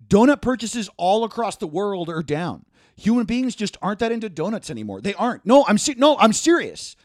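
A man's voice: sits high, sing-song, a little fast, no room sound, clean studio sound, voice pushed up. A man voicing a smug male small-business owner who pleads with his staff, mock-sincere and insistent. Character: smug male donut shop owner, fake caring boss.

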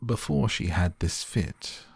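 A man reads a fussy old king who mutters and reasons aloud, pleased with himself. The voice sits very low and slow, with a gravelly, husky edge. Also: animated, darkish tone, no echo, clean studio sound, heavily acted. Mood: pompous musing.

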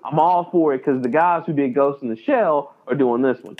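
A man co-hosting a podcast in casual chat, animated and excitable, acting out his reactions. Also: a little high, normal speed. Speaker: podcast co-host. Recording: tinny phone-like line.

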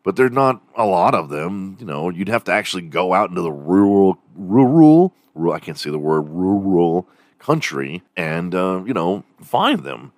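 A young Texan man rants casually on his own podcast, swearing freely and wandering off topic. His voice sits low and deep. It sounds close and dry, with no room around it. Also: expressive, moderate pace, no room sound. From Texas. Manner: profane, rambling, mimics accents for jokes. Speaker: podcast host. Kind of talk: casual rant.

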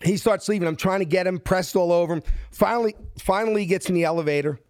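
A middle-aged man with a Philadelphia accent tells a story and acts out the other voices as he goes. His voice sits somewhat high and sounds close and dry. He moves quickly between quotes. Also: clear, resonant tone, dry recording. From South Philadelphia. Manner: acts out quotes with shifting pitch, lively and fast. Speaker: guest telling his life story. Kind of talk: animated storytelling.

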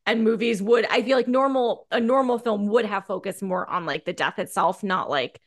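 A woman's voice: medium pitch, moderate pace. A woman co-hosting a casual film talk, chatty and full of fillers and restarts. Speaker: podcast co-host.

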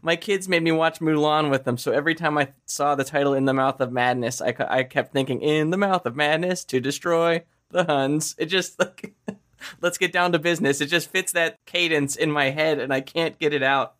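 A man's voice: on the high side, fairly even intonation, fairly quick, a bit bright. A man guesting on a podcast, making goofy, self-mocking jokes in casual chat.

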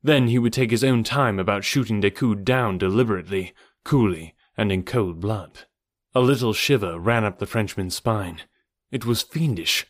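A man narrating an adventure novel as an audiobook in a steady, measured storytelling manner. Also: medium pitch, no echo, clean studio sound.

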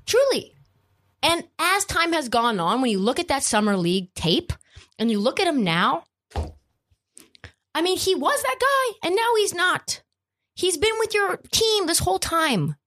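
A woman hosting a sports podcast, ranting casually and cursing freely. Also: high voice. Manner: profane, animated ranting. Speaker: podcast host.

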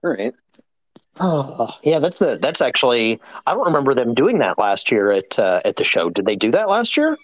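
Relaxed podcast panelist, mid-pitched. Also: moderate pace, no echo, low-quality recording. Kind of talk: casual podcast chat.

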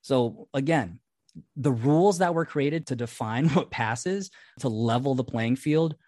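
Podcast guy talking through his take on listener mail, steady middle voice, dry close mic. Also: medium pitch, measured pace, dry recording. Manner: reads listener mail aloud, then explains his view at length. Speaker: podcast co-host. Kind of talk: casual podcast chat.

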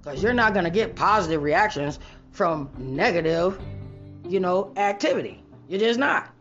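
A woman hosting her own show, talking straight to viewers in a blunt, profane, preachy monologue that rises into loud rants. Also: fairly low pitch, lively intonation, normal speed, highs cut off, faint music behind. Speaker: online show host.

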